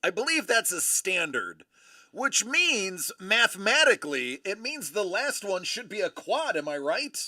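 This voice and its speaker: Male host, forties, slow and easy delivery, joking manner. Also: high voice, very animated, pushed and bright. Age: 40s. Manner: playful, teasing, jokey sign-offs. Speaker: host of a live card-opening stream. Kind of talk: casual live-stream chat.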